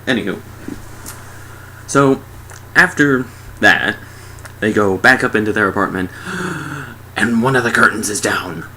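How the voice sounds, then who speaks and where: A man's voice: on the low side, unhurried, pauses often, pushed and bright, a little hiss or hum. A sarcastic young man giving a casual, mocking movie review.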